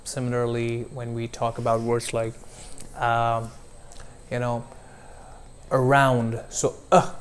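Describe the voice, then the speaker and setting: A male pronunciation coach speaks at a slow, unhurried pace. He draws out each vowel sound as he models words for a student. His pitch sits in a plain middle range. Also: completely flat delivery, slight background noise. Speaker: accent coach. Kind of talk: one-on-one pronunciation lesson.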